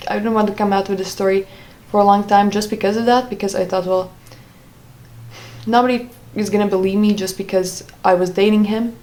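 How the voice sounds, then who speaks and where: Woman vlogger, mid-range voice, halting personal storytelling full of fillers. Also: mid-range voice, fairly even intonation, a little mellow, rough recording. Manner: hesitant, many "like" fillers and self-corrections.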